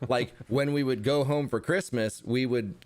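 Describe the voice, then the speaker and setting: A man, a guest in a casual interview, talking in a rambling way with halting restarts and dry humor. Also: mid-range voice. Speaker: interview guest, content creator. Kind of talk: casual conversation.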